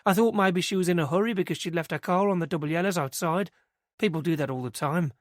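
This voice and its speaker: A woman's voice: fairly low pitch, quick pace, no echo, clean studio sound, lightly acted. A man voicing a young woman who works at a nursery, telling what she saw in a chatty, hesitant, rambling way. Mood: eager recounting. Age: young adult. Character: young British nursery worker, eager, nervous.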